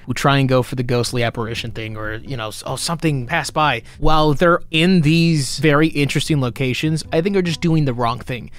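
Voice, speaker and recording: A man's voice: mid-range voice, moderate pace, few pauses. A young man hosting a reaction video, giving casual comedic commentary that is sarcastic and full of swearing. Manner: animated, sarcastic, swears freely.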